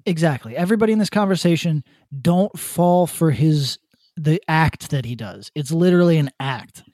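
A man co-hosting a podcast, ranting bluntly with swearing and halting restarts. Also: on the high side, animated, a little mellow, no room sound, clean studio sound. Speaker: podcast co-host. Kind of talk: casual opinion rant.

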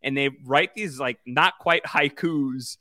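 A man co-hosting a podcast, chatting casually about a video game and talking in a halting way with many fillers. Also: mid-range voice, bright, forceful tone, no room sound, studio quality. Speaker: podcast co-host.

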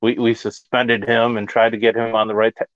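A man hosting a casual sports talk show, measured and thoughtful. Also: mid-range voice, level tone, a bit bright, no room sound, muffled recording. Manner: measured, with fillers. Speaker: podcast host.

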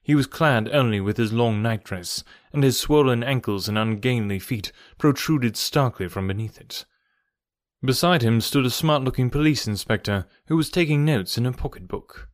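A man narrates a classic detective tale in a steady, even reading voice. His pitch sits in the middle, and the recording is dry and close with no room sound. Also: normal speed, no room sound. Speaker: audiobook narrator. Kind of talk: storybook narration.

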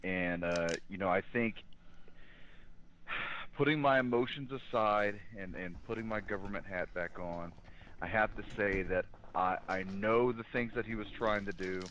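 A man with a fairly low voice speaks as a guest on a talk show. He talks in an earnest, opinionated way and pauses often with fillers. His voice comes through a dull, lo-fi line. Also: a bit bright. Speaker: guest in law enforcement. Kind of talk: casual political talk.

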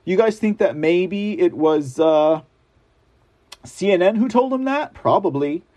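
A man's voice: high voice, lively intonation, a little slow, darkish tone. A man hosting an online political commentary show, talking casually to his viewers with many fillers and sarcastic asides. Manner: chatty, many fillers, addresses viewers as guys; sarcastic asides when reading articles. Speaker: news commentary host.

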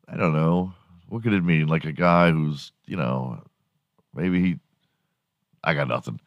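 A man's voice: very deep voice, measured pace, long pauses, no echo. A man in his forties hosting a solo podcast, rambling crudely and laughing at his own jokes. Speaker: podcast host. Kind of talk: solo comedic podcast rant.

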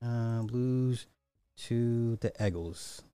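A man's voice: medium pitch, very slow, smooth, dry recording, soft background music. Loose-talking man ranting casually. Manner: loose, animated, swears, repeats himself.

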